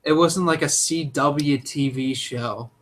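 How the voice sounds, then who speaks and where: A young man co-hosting a casual chat, opinionated and jokey, with animated delivery. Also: fairly high pitch, takes it slowly. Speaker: podcast co-host.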